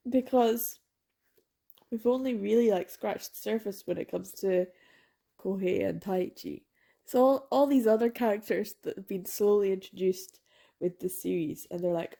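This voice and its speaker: A woman's voice: a little high, a little slow, creaky, pauses often, warm tone. A young woman chatting emotionally about a book in a casual reading vlog, laughing often. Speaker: book vlogger.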